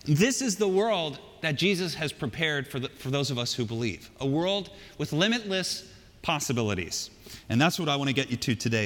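A male pastor delivering a sermon in a church, conversational and animated, with joking asides. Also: mid-range voice. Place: church sanctuary. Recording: long hall reverb.

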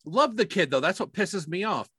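Lively, bright-voiced man telling stories. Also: high-pitched, normal speed, husky, no room sound, clean studio sound. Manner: profane, animated storytelling with big voiced quotes. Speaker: podcast co-host. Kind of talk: casual chat.

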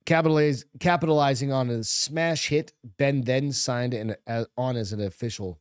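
A man from New Hampshire co-hosts a podcast in loose, casual chat. His delivery is blunt and crude, with heavy swearing. His voice sits at an ordinary middle pitch, and the sound is dry and close. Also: normal speed, clean tone, no room sound. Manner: blunt, heavily profane. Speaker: podcast co-host.

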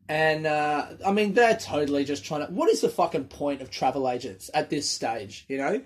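A man's voice: fairly high pitch, breathy edge. A young man, a comedian, telling rambling, profane stories in a casual monologue. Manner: rambling, profane, animated storytelling.

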